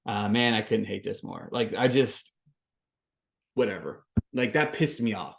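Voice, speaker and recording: A man hosting a podcast, recapping a reality show in casual commentary, swinging from flat summary to loud exasperated rants. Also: lowish voice, normal speed. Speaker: podcast host.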